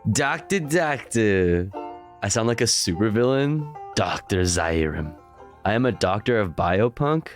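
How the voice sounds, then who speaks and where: Low voiced guy streaming, goofy casual chat w viewers, faint music behind. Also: lively intonation, normal speed. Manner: playful, jokey, greets chat members one by one. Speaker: livestream host.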